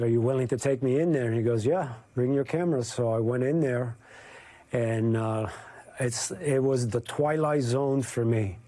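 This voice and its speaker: A male photojournalist giving an interview, telling his story in a halting, emotional way. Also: medium pitch, mellow, no room sound. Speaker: news photojournalist guest. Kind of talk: interview recollection.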